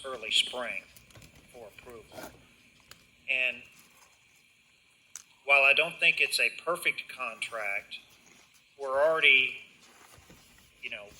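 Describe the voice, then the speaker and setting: Measured man speaking at a meeting. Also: medium pitch, pushed and bright, poor audio. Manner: measured, hesitant with fillers. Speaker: county commissioner. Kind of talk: public meeting remarks.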